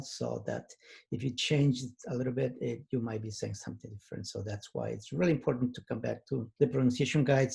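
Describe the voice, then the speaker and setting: A man teaching an online language lesson, talking patiently and haltingly with many pauses and fillers. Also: medium pitch, gravelly, dark tone, slightly rough.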